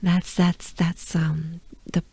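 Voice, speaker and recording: Slow, patient French woman teaching. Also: lowish voice, level tone, vocal fry, warm tone, slightly rough, no echo. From France. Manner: repeats words slowly and patiently, laughs lightly. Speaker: pronunciation teacher. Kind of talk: slow pronunciation lesson.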